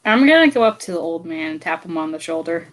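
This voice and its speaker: A woman's voice: low voice, expressive, quick pace. A woman playing a tabletop role-playing game in a casual, chatty, giggly way. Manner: giggly, chatty, plays a mimicking bird character. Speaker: player.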